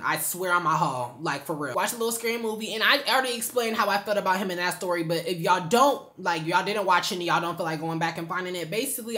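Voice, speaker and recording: A young woman tells a personal story to her followers at a quick clip, loose and slangy, talking straight to the camera. Her voice sits at an everyday middle pitch. She is recorded at home for a casual vlog. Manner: animated, slangy, talks straight to viewers. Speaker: storytime vlogger.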